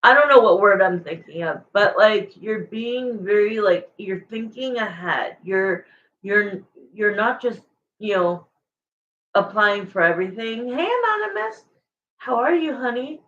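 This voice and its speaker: A woman's voice: mid-range voice, unhurried, fairly bright tone, dull audio, a little hiss or hum. A woman giving a live tarot reading to viewers in a rambling, emotional, chatty way, searching for words as she goes. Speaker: tarot reader.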